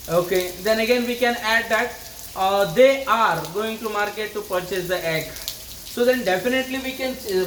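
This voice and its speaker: A man with an Indian accent, teaching a grammar lesson, slowly repeating example sentences word by word. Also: sits high, a bit bright, slight background noise. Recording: roomy echo.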